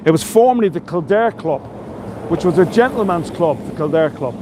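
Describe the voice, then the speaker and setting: On a live walking tour with viewer shout-outs, an Irish man serving as tour guide talks in an animated, brisk voice on the high side. He is chatty and enthusiastic, lavishing superlatives on the buildings along the city streets, with faint traffic and street noise behind him.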